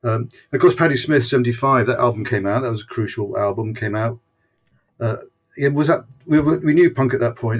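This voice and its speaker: Scottish man in his sixties. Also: mid-range voice. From Scotland. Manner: rambling, with frequent restarts. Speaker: guest, former punk fanzine editor. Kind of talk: casual conversational interview. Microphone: video call.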